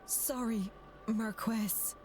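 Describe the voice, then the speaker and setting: An actress voicing a polite, deferential household servant in a mystery game. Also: female voice, a little high, fairly even intonation, drawn-out words, darkish tone, a little hiss or hum. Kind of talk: game voice acting.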